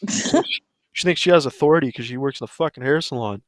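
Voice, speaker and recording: A man's voice: medium pitch, fast talker, no echo. Brief: man, crude no-filter ranter, plain mid voice, dry. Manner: profane, blunt ranting. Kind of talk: casual storytelling on a livestream.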